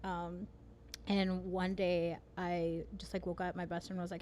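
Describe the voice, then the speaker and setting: A woman's voice: on the low side, little pitch movement, normal speed, darkish tone, slight background noise. Candid woman hosting a podcast. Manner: candid, frank storyteller with mild swearing. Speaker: podcast host. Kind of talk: casual podcast conversation.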